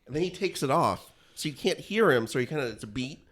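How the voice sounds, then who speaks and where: A man's voice: mid-range voice, lively intonation, quick pace, fairly bright tone. A man co-hosting a podcast in casual chat, offering dry, wry commentary. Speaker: podcast co-host.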